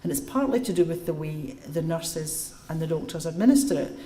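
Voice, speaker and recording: Her voice sits low and moves a little fast as she lectures publicly before a live audience and fields questions. She tells stories with energy and walks through ideas step by step, all captured in an echoey room.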